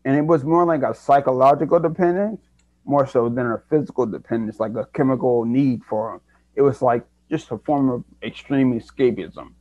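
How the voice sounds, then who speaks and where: A man's voice: mid-range voice, moderate pace, a little mellow, no room sound. A young man, a guest in an interview, telling his own story in an earnest, reflective way and often restarting his sentences. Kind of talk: candid personal story. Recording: dry, dull lo-fi sound.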